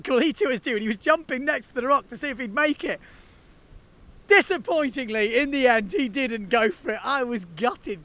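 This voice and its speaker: High bright-voiced man chatting. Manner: enthusiastic, chatty, slangy. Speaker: windsurfing video host. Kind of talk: casual chat to camera.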